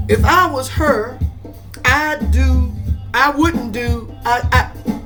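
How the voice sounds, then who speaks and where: A middle-aged woman hosting a podcast, talking in an animated, rambling, preachy way with swooping emphasis. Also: high-pitched, slow pace, over music. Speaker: podcast host. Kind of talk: casual monologue.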